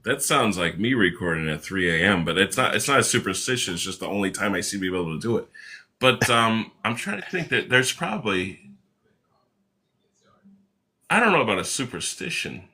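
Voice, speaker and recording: A man, an author and musician, guesting on an interview show and telling rambling, animated anecdotes full of restarts and the odd swear. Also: fairly low pitch, a little fast. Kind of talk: casual storytelling in an interview.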